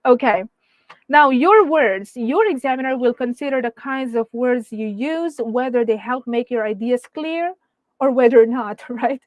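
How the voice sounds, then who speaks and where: Woman webinar tutor, slightly high voice, dry sound, patient and explanatory, peppers lines with "right?". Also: animated, measured pace, no room sound, narrow, tinny audio. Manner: tags sentences with "okay?" and "right?"; patient, explanatory teaching tone with frequent fillers. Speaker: IELTS speaking trainer. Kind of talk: online webinar lecture.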